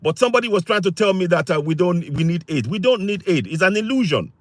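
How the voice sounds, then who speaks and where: High-voiced man ranting on a livestream. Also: sing-song, quick pace, no echo. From Africa. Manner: insistent, repetitive, reads and answers chat comments. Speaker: livestream host. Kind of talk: impassioned political livestream talk.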